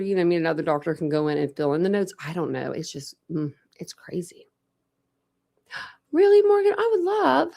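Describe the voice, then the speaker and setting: Rambly true crime streamer lady from ohio, talks thru a retainer, kinda gravelly and low. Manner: rambling, chatty, many "like" fillers. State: talking around a dental retainer. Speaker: true crime livestream host. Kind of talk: casual livestream chat, greeting viewers.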